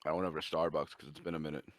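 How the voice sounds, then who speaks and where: A man with a very deep voice chats casually on a podcast in a relaxed, easygoing way. He is recorded dry, with no room echo. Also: racing. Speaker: podcast co-host. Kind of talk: casual chat.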